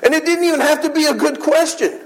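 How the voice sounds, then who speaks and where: A man's voice: extremely high pitch, fast, slight background noise, rough recording. A man preaching a sermon in church, earnest and conversational, acting out little voices as he retells a scene.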